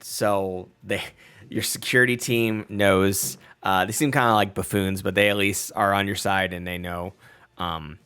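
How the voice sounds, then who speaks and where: Male game master, loose and chatty, slightly low-pitched. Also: fairly bright tone, smooth. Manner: casual, rambling, many fillers. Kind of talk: narrating a tabletop game.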